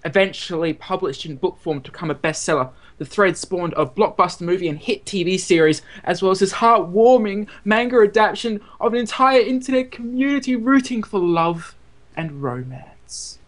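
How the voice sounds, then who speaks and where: A man's voice: sits high, expressive, normal speed. A man from Australia co-hosting a casual podcast over a video call, playful, also reading a short blurb aloud. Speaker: podcast co-host.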